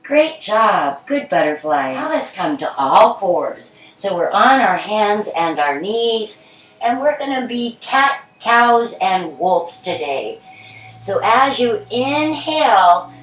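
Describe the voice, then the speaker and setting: A middle-aged woman guiding a children's yoga class in a gentle, encouraging, playful way. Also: a little high, animated, takes it slowly. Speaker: yoga instructor. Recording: echoey room, from a distance.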